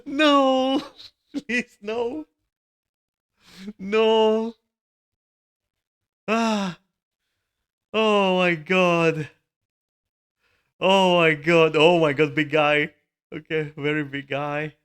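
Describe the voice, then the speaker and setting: A man's voice: fairly high pitch, fairly even intonation, extremely slow, long pauses, fairly bright tone, clear, resonant tone. A man giving live gameplay commentary, swearing often, laughing and exclaiming in dismay. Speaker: gamer streaming a raid.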